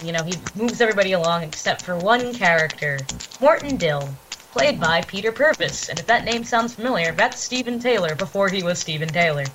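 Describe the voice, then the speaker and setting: A woman's voice: lowish voice, background noise. Giggly enthusiastic woman on a podcast. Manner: enthusiastic and giggly, acting out quotes. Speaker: podcast guest. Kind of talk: casual podcast chat.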